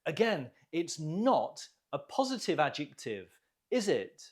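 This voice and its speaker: An English teacher giving an online vocabulary lesson, enunciating each word with care, pausing for learners to repeat and praising them warmly. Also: medium pitch, sing-song. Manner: deliberate, clearly enunciated, drills pronunciation with pauses for repeating; encouraging, gently praises learners.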